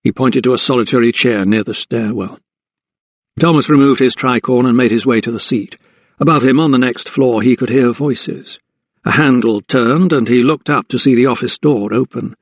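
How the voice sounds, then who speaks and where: A man narrating an audiobook in a steady, even storytelling manner, close to the microphone. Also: medium pitch, moderate pace, no echo. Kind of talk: scripted narration.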